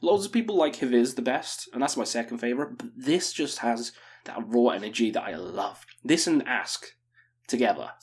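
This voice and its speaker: A man's voice: medium pitch, lively intonation, normal speed, breathy edge. A man in his thirties chatting casually as a metal music video host, cursing and joking with enthusiasm. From England. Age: 30s. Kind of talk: casual album-review chat.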